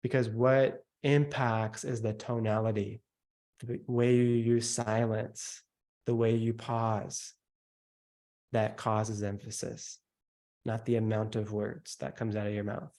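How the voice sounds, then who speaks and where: A man teaching a sales workshop, stressing points by slowing down and dropping his voice, and mimicking the noises listeners make. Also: on the low side, flat delivery, darkish tone. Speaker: sales coach.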